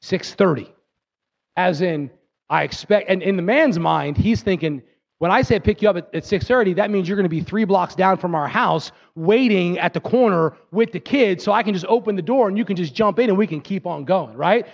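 A man preaching a sermon, talking straight to his listeners with frequent "right?" checks, climbing higher and more intense in places, then dropping low and quiet to press a point. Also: moderate pace, vocal fry, dull audio. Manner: rises in pitch and builds intensity, drops low and quiet for emphasis. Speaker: pastor.

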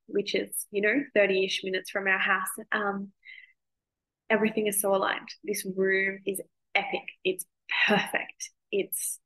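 Gravelly-voiced Australian woman podcaster. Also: mid-range voice, a little slow, low-quality recording. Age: 30s. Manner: chatty and expressive, swears freely. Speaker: podcast host. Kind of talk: casual monologue.

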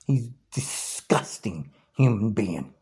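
A man's voice: fairly low pitch, lively intonation, slow, dark tone. A man in his sixties delivering an angry, taunting political rant straight to the camera. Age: 60s. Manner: ranting, taunting, challenging. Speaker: video blogger.

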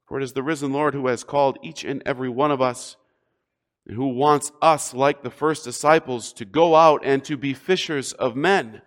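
A man's voice: medium pitch, normal speed. A man preaching a sermon as a pastor, emphatic and rising and falling in force.

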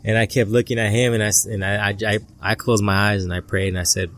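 A man telling a personal story as an interview guest, halting and repeating words, recorded outdoors at a family barbecue. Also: lowish voice, fairly even intonation, fairly bright tone, faint music behind. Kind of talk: casual storytelling.

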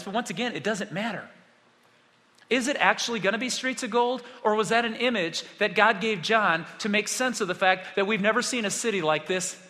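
A man delivering a sermon with a high, bright, ringing voice. He preaches animatedly, dropping to hushed tones and then rising to loud outbursts. A long reverb trails after his words in a large hall. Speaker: pastor.

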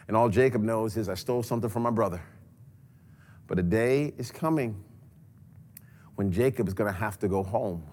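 A man preaching a sermon, telling a scripture story dramatically and swinging between loud passages and hushed ones. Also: mid-range voice. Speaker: pastor.

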